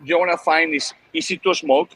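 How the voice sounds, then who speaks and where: A man with a non-native English accent, a cigar company owner chatting casually and explaining in a halting way. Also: on the high side, steady tone, a bit bright, breathy edge, rough recording. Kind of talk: casual chat on a call.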